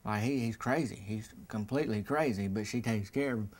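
A man's voice: medium pitch, fairly quick, darkish tone. A man with a Southern US accent tells a rambling comic story in a folksy way, full of colorful sayings. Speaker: comedian in character as a lawn-mowing man.

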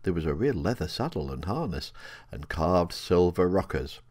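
An older man reading his own children's story aloud in a gentle, expressive way. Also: low-pitched, normal speed, no echo, clean studio sound.

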